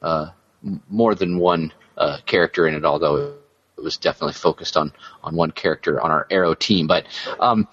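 A man's voice: extremely low pitch, a little fast, a bit bright, slightly rough. A man co-hosting a casual podcast, rambling with fillers and laughing often. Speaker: podcast co-host. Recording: dull lo-fi audio.

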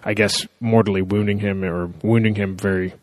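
A man's voice: fairly low pitch, level tone, a little fast. A man hosting a casual podcast, joking and talking with many fillers. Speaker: podcast host.

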